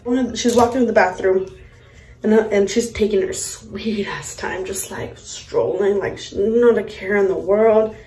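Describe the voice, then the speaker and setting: A woman's voice: mid-range voice, moderate pace, dark tone. A young woman tells a story from her day in a blunt, exasperated, cussing way as she does her makeup. Her voice sits in a middle range. The room around her is echoey. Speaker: vlogger, mother. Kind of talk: casual storytime while doing makeup.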